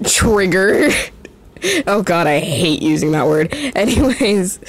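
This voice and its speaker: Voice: mid-range voice, big pitch swings, takes it slowly, slight background noise. A teenager giving casual, giggly commentary while drawing, self-mocking and swearing often, often trailing off and starting over. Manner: rambling, trails off and restarts often. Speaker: drawing vlogger.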